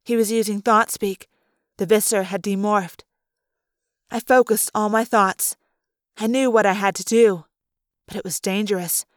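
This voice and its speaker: Woman audiobook narrator, mid pitch, calm first-person storytelling, dry close sound. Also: a little slow, pauses often, dry recording. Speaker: audiobook reader.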